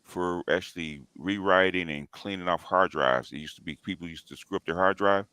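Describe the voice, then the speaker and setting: A man's voice: sits low, moderate pace, smooth, no echo. A man chatting casually on a livestream, rambling and restarting his sentences. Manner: rambling, restarts often, laughs loudly.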